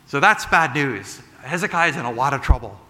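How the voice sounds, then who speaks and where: A man, a pastor, giving a conversational sermon, animated as he retells a story, with frequent asides like "right?". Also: medium pitch, moderate pace, in a large hall. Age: adult.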